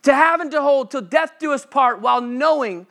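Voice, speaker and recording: A man's voice: very high voice, moderate pace, fairly bright tone. A man preaching a sermon as pastor at a church service, impassioned and quoting scripture as he lays out numbered steps.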